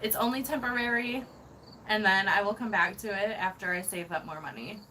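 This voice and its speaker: A woman's voice: medium pitch, a little fast, bright, forceful tone, a little hiss or hum, rough recording. A woman hosting a casual van-life livestream, reading viewer comments and gushing with thanks, laughing often.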